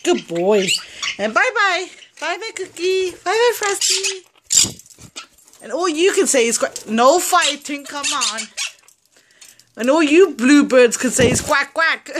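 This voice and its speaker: A woman's voice: sits high, sing-song, takes it slowly, long pauses, noisy background. A woman talking baby talk to her pet parrots at home, cooing and repeating sing-song phrases with frequent laughter. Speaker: pet parrot owner filming her birds.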